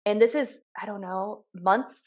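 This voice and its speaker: A woman's voice: mid-range voice, measured pace. A woman in her thirties candidly telling a personal story of losing her father, in casual podcast conversation. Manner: candid, swears freely, acts out quoted voices. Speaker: podcast co-host sharing her grief story.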